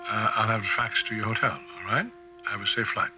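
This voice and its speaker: An actor playing a brisk, businesslike male colleague leaving a voicemail in a TV drama. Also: fairly low pitch, flat delivery, distant mic, muffled recording, noisy background, close to an everyday voice.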